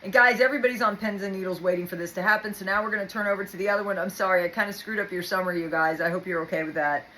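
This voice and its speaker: A woman's voice: mid-range voice, steady tone, rapid-fire, few pauses, pushed and bright, slight background noise, rough recording. Chatty, tired woman host. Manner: chatty, reads out quotes from others. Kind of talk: casual livestream summary.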